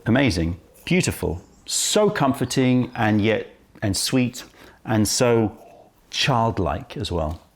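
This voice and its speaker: A man presenting a casual tea-tasting vlog, highly caffeinated, chatty and full of self-interrupting asides, filmed on a camera right in front of his face. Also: sing-song, slow pace. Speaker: tea shop owner and presenter.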